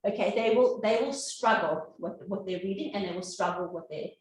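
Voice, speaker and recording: A woman giving an educational talk as a reading specialist, animated and acting out sounds the way she does with children. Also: medium pitch, a little fast, a little hiss or hum. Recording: echoey room, distant mic.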